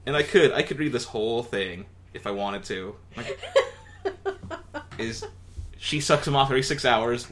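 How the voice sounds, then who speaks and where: A man hosting a comedy podcast, reading a text aloud and breaking off for laughing asides. His voice is bright and lively, moving freely up and down in pitch. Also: slight background noise. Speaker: podcast host.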